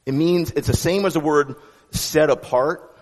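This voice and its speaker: Male pastor, slightly higher voice, conversational animated sermon in a reverberant sanctuary. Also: measured pace. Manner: conversational, animated preaching with many restarts.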